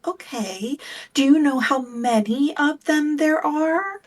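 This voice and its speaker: A woman playing a tabletop game, calm and practical, thinking out loud about her character's next move. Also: high voice, slow pace. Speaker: player. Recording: voice a bit far from the mic.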